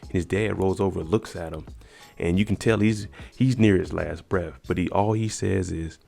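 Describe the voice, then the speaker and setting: A man's voice: deep voice, fairly even intonation, moderate pace, creaky, dark tone. A man casually recapping a TV episode in a conversational way, using slang.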